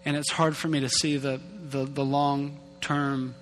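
A man's voice: mid-range voice, level tone, unhurried, fairly bright tone. A man in his thirties preaching a sermon as a pastor, casual and self-deprecating, often repeating and restarting his words. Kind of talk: conversational sermon. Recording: long hall reverb with faint hum.

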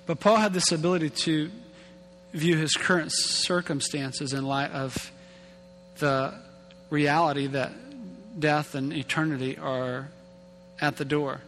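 A male pastor delivers a chatty, self-mocking sermon in a somewhat high voice. His words trail off into a long hall reverb. A faint hum sits underneath. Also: fairly even intonation, unhurried, a bit bright. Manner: casual, self-deprecating, repeats and restarts words. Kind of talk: conversational sermon.

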